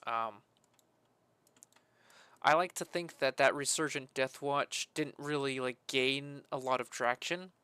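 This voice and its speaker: A man talking casually while he builds a game map, rambling with many fillers and breaking into loud, sweary frustration. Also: mid-range voice, measured pace, long pauses, smooth, dry recording. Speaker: modding streamer.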